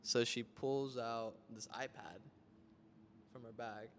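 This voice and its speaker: Animated man telling a story, roomy sound. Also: medium pitch, slow. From Florida, United States. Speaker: podcast host. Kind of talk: casual podcast storytelling. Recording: reverberant room with faint noise.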